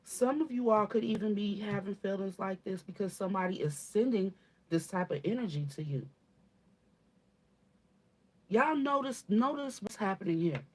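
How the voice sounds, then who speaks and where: A woman's voice: mid-range voice, animated, moderate pace. A woman giving a channeled spiritual reading to her viewers, talking casually and bluntly, swearing, calling listeners baby and often asking "okay?". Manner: emphatic, repeats and asks "okay?". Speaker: spiritual reader.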